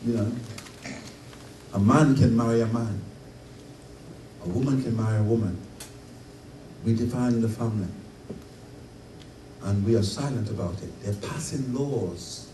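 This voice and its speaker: A middle-aged man giving an emphatic sermon at a conference, his voice swelling to loud peaks. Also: on the low side, measured pace, long pauses. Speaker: conference speaker. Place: conference hall. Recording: roomy hall, distant mic, faint noise.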